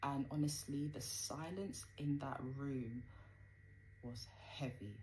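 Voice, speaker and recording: A woman recounts a personal story in a loose, chatty way. Her voice sits low for a woman, and she leans on fillers as she goes. A faint background hiss runs under the recording. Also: slow pace, a little mellow, low-quality recording. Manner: conversational, frequent fillers, acts out quoted dialogue. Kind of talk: casual storytime narration.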